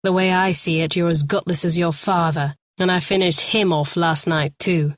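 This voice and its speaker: A woman's voice: lowish voice, fairly even intonation, normal speed, no room sound, close to an everyday voice. A woman voicing a menacing middle-aged father who threatens a kidnapper with hard, level words. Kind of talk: audiobook character voice.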